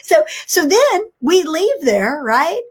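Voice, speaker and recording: Animated woman telling a faith story. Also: very high-pitched, slow. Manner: animated, acts out dialogue, frequent restarts. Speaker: guest sharing testimony. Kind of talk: casual storytelling.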